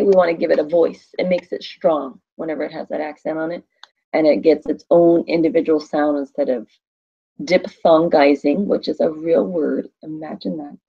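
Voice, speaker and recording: A woman's voice: deep voice, moderate pace, vocal fry, husky, highs cut off. A woman teaching a Spanish class on a screen recording, asking questions and answering them herself in a chatty way.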